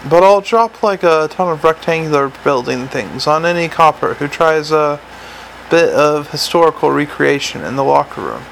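A man's voice: a little high, moderate pace, gravelly, a bit bright, a little hiss or hum, poor audio. A man reading the part of a weary male watch commander in an audiobook, curt, dry and sardonic.

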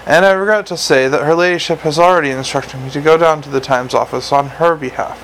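Butler figure, male reader voices him, soft deferential storybook voice, gravelly edge. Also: a little high, quick pace, a little hiss or hum, low-quality recording. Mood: formal. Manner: formal, deferential, quiet. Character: polite, unflappable male butler.

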